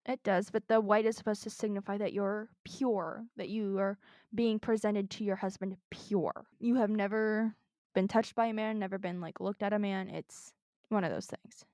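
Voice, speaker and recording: Earnest woman telling a dark story. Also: mid-range voice, steady tone, moderate pace, dry recording, clean studio sound. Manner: earnest storyteller with casual swearing. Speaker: podcast co-host telling a true crime story. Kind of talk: casual chat reading from notes.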